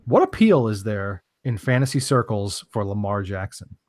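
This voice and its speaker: A man's voice: lowish voice, very animated, moderate pace, a little mellow, no echo. Joking male podcast host, dry sound. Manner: steers the talk, joking, loose and rambling. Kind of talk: casual podcast chat.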